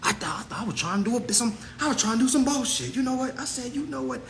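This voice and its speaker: A man with a high, bright voice tells a story straight to his viewers, jumping from loud outbursts to low asides. His pitch swoops all over the place, and he laughs often as he talks. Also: fast talker, vocal fry, a little hiss or hum. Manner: excitable, swings between shouting and muttering, laughs often. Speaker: host of a consumer advice channel. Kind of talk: casual storytelling rant to viewers.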